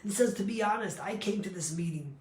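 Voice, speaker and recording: A man, a rabbi, giving a sermon and telling a story, emphatic and rising to near shouts on his key points. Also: high voice, lively intonation, fast talker, roomy sound.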